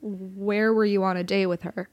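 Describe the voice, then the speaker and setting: A woman's voice: mid-range voice, flat delivery, normal speed, no echo, muffled recording, lightly acted. A woman voicing a stern, protective father who answers in short, firm lines. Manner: curt, firm, clipped replies.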